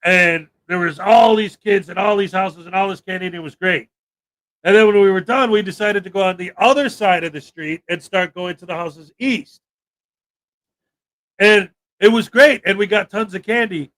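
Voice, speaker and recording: A young man hosts a relaxed livestream chat. He tells his stories in an animated way and slips into the voices of the people he quotes. His voice is high and bright. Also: normal speed. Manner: animated storytelling, acts out quotes. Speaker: livestream host. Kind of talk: casual chat.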